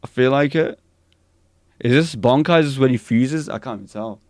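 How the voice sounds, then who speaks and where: Excited man reacting live on stream. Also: medium pitch, moderate pace, dry recording, studio quality. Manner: excited casual chat, reads chat aloud. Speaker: streamer reacting to anime news.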